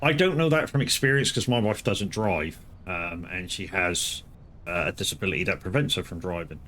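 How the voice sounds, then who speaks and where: A man's voice: sits low, normal speed, fairly bright tone, slight background noise. A man streaming a farming game, rambling and swearing as he chats to viewers. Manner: rambling, swearing, frequent restarts. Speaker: live streamer. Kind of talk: casual gameplay commentary.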